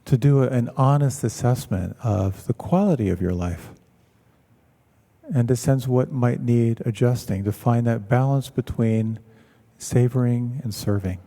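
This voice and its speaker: A man, a meditation teacher, giving a measured, reflective talk and telling stories to an audience in a large hall. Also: medium pitch, dark tone. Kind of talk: dharma talk.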